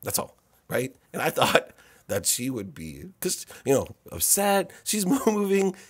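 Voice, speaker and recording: A podcast guest tells an emotional personal story in conversation, his medium-pitched voice a little slow with a breathy edge and no echo. He's animated, often repeating words and acting out what people said.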